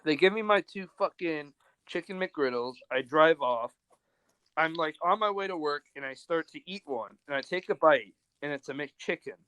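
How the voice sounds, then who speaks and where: A man's voice: a little high, normal speed, bright, forceful tone, clean tone, no echo. A young man hosting a podcast, telling stories in a rambling, profane, casual way. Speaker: podcast host. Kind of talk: casual chat.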